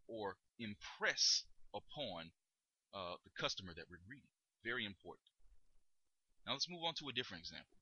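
Bright-voiced man teaching vocal tonality. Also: on the low side, fairly quick, breathy edge, no echo, poor audio. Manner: demonstrates tones, emphatic and lively delivery. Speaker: dating coach. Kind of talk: instructional monologue.

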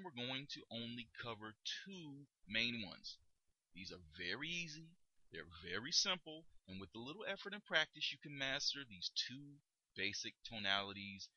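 A man hosting a podcast lesson on communication, speaking deliberately and stressing key words as he explains. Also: on the low side, sharp tone, dry recording, lo-fi sound. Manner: deliberate, emphatic, stretches key words for demonstration. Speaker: podcast host teaching communication skills. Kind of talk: instructional podcast talk.

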